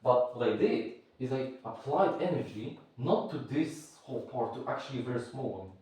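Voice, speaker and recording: The martial arts teacher speaks expressively at a moderate pace, his mid-range voice darkish in tone. His lesson is casual and rambling, with pauses while he searches for words, and the distant mic catches his voice ringing around a very echoey room.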